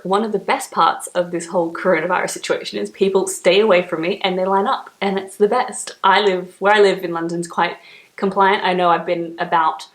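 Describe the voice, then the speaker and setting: Australian woman, young adult, chatty vlogger, mid-pitched voice, roomy echo. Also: fairly bright tone. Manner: chatty, laughing often, filler-heavy. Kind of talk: casual to-camera chat.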